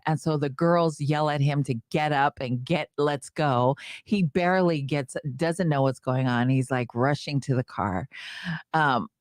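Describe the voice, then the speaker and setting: Animated storytelling woman, dry sound. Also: unhurried, no echo. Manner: animated storyteller, acts out quotes in a high voice. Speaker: podcast co-host. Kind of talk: casual storytelling chat.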